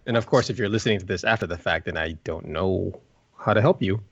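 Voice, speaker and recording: A man guesting on a podcast, speaking in a low-key, self-deprecating way. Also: quick pace, husky, no room sound. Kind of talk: casual podcast chat. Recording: dry, dull lo-fi sound.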